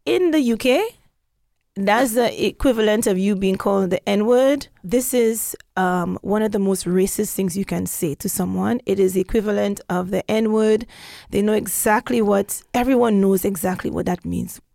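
Gravelly-voiced woman telling a story. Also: mid-range voice, moderate pace, no room sound, studio quality. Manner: animated, acts out quoted voices. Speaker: podcast host. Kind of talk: casual storytelling chat. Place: London.

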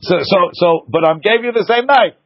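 A man teaching a lively Talmud class, arguing points back and forth with his students. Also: sits high, normal speed, no room sound, lo-fi sound.

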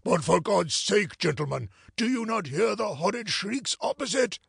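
A man voicing a frightened older innkeeper, grave and low. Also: lively intonation, normal speed, gravelly, a bit bright, husky, no echo, clean studio sound, heavily acted. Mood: fearful. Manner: grave, fearful.

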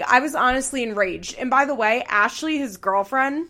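A woman's voice: high-pitched, moderate pace, few pauses, pushed and bright. A young woman hosting a podcast, recapping a show in heated, profane rants. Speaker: podcast host.

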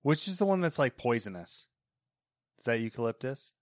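A man of middling pitch hosts a video game podcast, with dry, self-deprecating remarks that tail off quietly. The sound is close and dead dry. He keeps an offhand, casual tone. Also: big pitch swings, moderate pace, no room sound. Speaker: podcast host.

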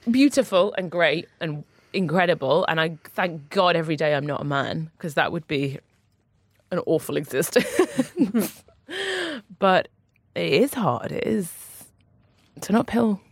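A woman with a low, gravelly voice talks candidly as a podcast guest. She speaks with open emotion, laughing between heavy moments. The sound is close and dry. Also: no room sound. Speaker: author guest.

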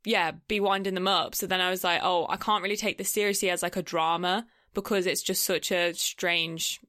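A woman's voice: lowish voice, fairly even intonation, pushed and bright, no echo. Chatty woman, dry close sound. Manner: chatty, swears casually, quick asides. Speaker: podcast co-host. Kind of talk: casual film review chat.

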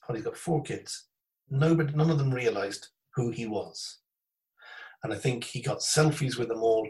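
A man's voice: mid-range voice, recorded from a distance, low-quality recording. Rambling man telling anecdotes. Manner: rambling, animated anecdotes with laughs. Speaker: podcast host. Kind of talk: casual storytelling chat.

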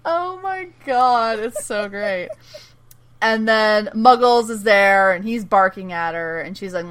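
A podcast co-host with a bright, forceful voice casually recaps a show, animatedly retelling scenes, quoting dialogue and laughing often. Her voice is medium-pitched and smooth, and she speaks slowly in this casual chat.

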